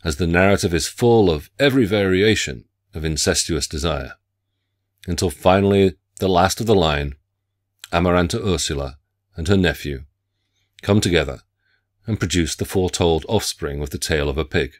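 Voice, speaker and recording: A man delivering a scripted literature lecture in a measured, formal academic way. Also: deep voice.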